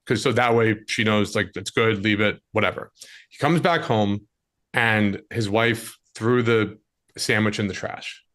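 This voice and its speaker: A man's voice: on the low side, a little slow, fairly bright tone. A man who works as a dating coach, giving direct relationship advice as a podcast guest in a casual conversation. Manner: direct, coaching, acts out scenes with quoted voices.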